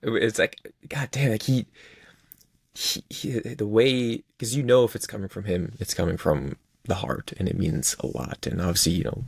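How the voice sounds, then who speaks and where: A man with a deep, gravelly, slightly husky voice chats on a podcast. He is effusive and enthusiastic and laughs easily. The sound is dry and close. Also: no room sound. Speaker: podcast co-host. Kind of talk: casual chat.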